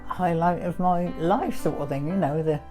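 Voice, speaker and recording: An older woman fondly reminiscing in an interview, hesitant with many pauses. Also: lowish voice, music in the background. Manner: hesitant, fond, many ums.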